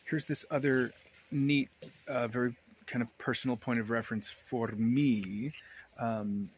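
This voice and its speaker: A man's voice: medium pitch, steady tone, unhurried, a little hiss or hum. A man talking casually to his camera at home, rambling and wry, often breaking off mid-sentence. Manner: rambling, self-interrupting, wry. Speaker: vlogger. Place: indoors, at home.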